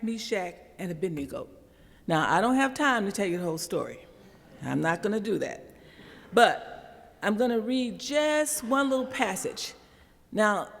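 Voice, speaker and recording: A woman's voice: on the low side, vocal fry. A woman retelling a Bible story at an interfaith prayer service, in a chatty, conversational way with casual asides. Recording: long hall reverb.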